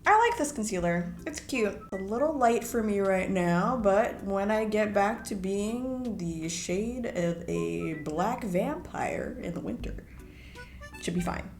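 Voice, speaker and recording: A woman's voice: medium pitch, expressive, a little slow, hardly any pauses, reverberant. A young woman chatting casually while doing her makeup at home, playful and sometimes slipping into sing-song bits. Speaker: beauty vlogger. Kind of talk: casual get-ready-with-me chat. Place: home room.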